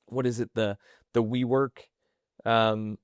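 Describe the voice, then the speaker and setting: A man co-hosting a podcast in casual business chat, chatty and quick with short affirmations. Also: medium pitch, flat delivery, smooth, dry recording. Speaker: podcast co-host.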